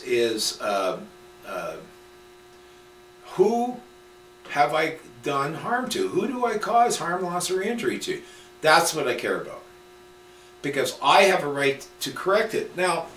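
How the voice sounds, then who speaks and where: A man's voice: mid-range voice, fairly bright tone. A man ranting casually and with emphasis, swearing often and restarting his sentences as he rambles. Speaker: speaker on common law. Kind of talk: casual rant. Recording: roomy, distant mic with mains hum.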